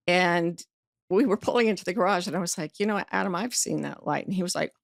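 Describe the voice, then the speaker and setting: A middle-aged woman tells a personal story as a podcast guest. Her voice is low and gravelly, and the close mic sounds dry. She acts out each quoted voice in vivid, blunt, earthy storytelling. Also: quick pace, no room sound. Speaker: guest author and life coach. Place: podcast studio.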